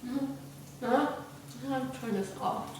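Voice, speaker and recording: Sitting high and moving slowly, this young woman's darkish voice reaches the mic from far away as she eats and chats for her mukbang vlog. The big, sparsely furnished new apartment room is very echoey, there's faint hiss, and her story wanders along with plenty of "like" and "you know."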